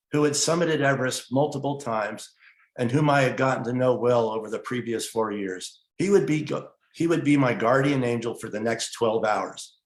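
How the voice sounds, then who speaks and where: A man telling his own story in an earnest, measured way, narrating at a steady pace and getting emotional at times. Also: medium pitch, roomy sound. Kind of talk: personal storytelling, partly read narration.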